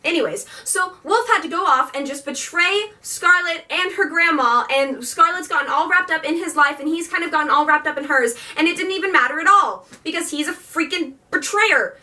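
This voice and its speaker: Bright, high-voiced young woman gushing. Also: normal speed, few pauses, far from the mic. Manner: rambling and gushing, many "like" fillers. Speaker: book vlogger. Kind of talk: casual book review chat.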